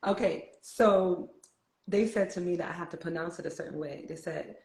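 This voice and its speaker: A woman with a New York accent hosting a casual spiritual chat, talkative and quick to laugh. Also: lowish voice, a little mellow, reverberant, rough recording. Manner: chatty, laughs easily, reflective.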